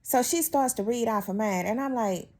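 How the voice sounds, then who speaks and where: A woman's voice: on the high side, moderate pace, darkish tone. A woman vlogger telling a workplace story in casual chat, chatty and exasperated, talking straight to her viewers. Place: at home.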